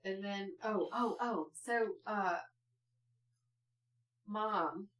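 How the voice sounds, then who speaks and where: Animated laughing woman, roomy distant sound. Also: medium pitch, extremely slow. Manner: animated, laughs often, squeals when quoting. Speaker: co-host telling family stories. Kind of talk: casual storytelling chat.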